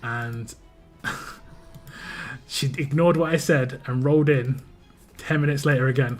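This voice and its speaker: An English man hosting a game livestream, telling rambling stories in a relaxed way, often restarting his sentences and chuckling. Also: medium pitch, slow pace, pauses often, soft background music. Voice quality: big, laid-back presence. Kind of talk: casual stream chat.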